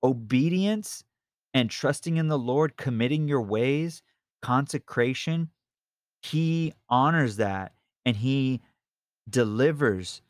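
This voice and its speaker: A man's voice: mid-range voice, lively intonation, slow pace, dry recording, clean studio sound. A man teaching the Bible informally, earnest and rambling, with many restarts and asides. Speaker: Bible study podcast host.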